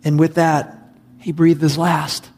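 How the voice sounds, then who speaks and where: A man's voice: a little high, level tone, takes it slowly, a little mellow. A man preaching a sermon as a pastor, conversational and emphatic, often repeating his points. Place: church sanctuary. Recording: long hall reverb.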